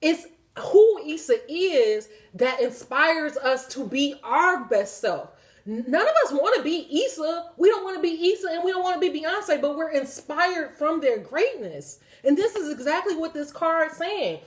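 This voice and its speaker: A woman's voice: sits high, big pitch swings, moderate pace. A woman, giving a spiritual card reading in an emphatic, preachy way with lots of swearing. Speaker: tarot reader.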